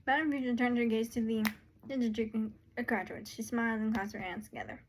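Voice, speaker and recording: A woman's voice: a little high, fairly even intonation, brisk, a little hiss or hum, low-quality recording. A woman narrating her own story casually, with rambling, chatty asides.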